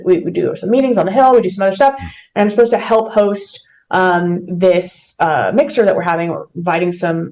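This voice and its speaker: A woman's voice: medium pitch, creaky, poor audio. A woman being interviewed as a guest, earnestly telling a personal story with vivid detail. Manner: earnest, emotional, vivid retelling. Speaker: mortgage company president, podcast guest.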